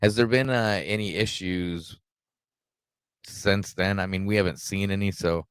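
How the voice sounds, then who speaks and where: A man's voice: low voice, steady tone, measured pace, a bit bright, smooth, no echo. A man hosting a casual podcast, loose and searching for his words. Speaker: podcast host.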